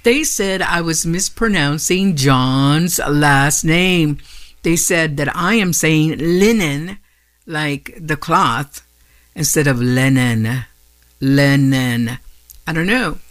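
A woman's voice: low voice, slow pace, fairly bright tone. A woman hosting a retro radio hour from a studio, talking casually and reading the weather. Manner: conversational, self-questioning. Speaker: radio host. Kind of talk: casual radio chat and announcements.

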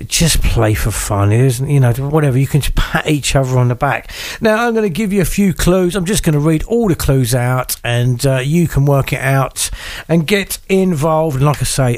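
Radio guy w a croaky voice, kinda high pitched, chatty and upbeat, talking right to listeners. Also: expressive, normal speed, darkish tone, no room sound. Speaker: radio host. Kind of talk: casual radio chat.

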